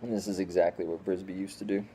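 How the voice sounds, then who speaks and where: A man with a low, warm voice talks casually at home for his vlog. He rambles easily from one thought to the next and often restarts his sentences. A faint hiss sits under the recording. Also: level tone, fast. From Northeastern United States. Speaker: squirrel rehabber vlogger.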